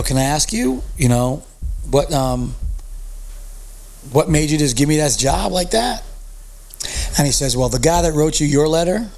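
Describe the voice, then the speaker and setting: Lively male storyteller acting out dialogue. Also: mid-range voice. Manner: lively storyteller who acts out quoted dialogue with a raised voice; loose, profane street talk. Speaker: podcast guest, music promoter. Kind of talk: casual anecdotal storytelling.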